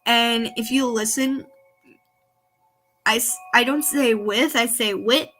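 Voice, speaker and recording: A woman's voice: a little high, steady tone, takes it slowly, fairly bright tone, faint music behind. A woman with a Southern country accent, chatting casually as she reacts to her old videos and explains things as she goes. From American South, countryside.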